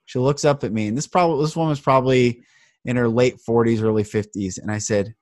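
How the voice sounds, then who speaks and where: A man hosting a podcast in casual conversation, telling stories in an animated, emphatic way. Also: medium pitch, fairly quick, no room sound, studio quality. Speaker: podcast host.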